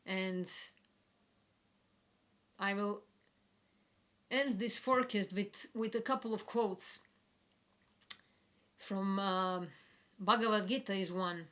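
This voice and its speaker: Woman, astrology forecaster; slow, gentle, reflective delivery at mid pitch. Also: steady tone. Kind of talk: spiritual forecast talk.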